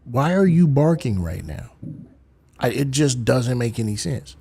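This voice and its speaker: A man's voice: mid-range voice, very animated, measured pace, vocal fry, mellow, breathy edge. A man, hosting a live stream and telling rambling comic stories, slipping into voices. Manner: rambling storyteller, slips in voices. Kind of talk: casual comedic chat on a live stream.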